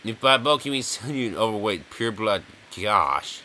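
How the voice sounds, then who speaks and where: A man's voice: fairly low pitch, animated, moderate pace, sharp tone, a little hiss or hum. A man casually commenting while playing a video game, rambling and jokey, chuckling often. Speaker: gaming video host. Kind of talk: casual let's-play commentary.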